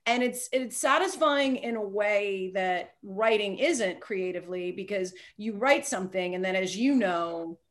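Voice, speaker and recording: A woman's voice: medium pitch, measured pace, hardly any pauses. A woman author talking casually as a podcast guest, chatty and self-deprecating, with frequent fillers and restarts.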